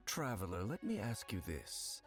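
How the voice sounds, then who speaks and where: A grave swordsman asks his questions slowly and searchingly in a low voice. Faint music plays under this game trailer line. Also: very animated. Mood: probing.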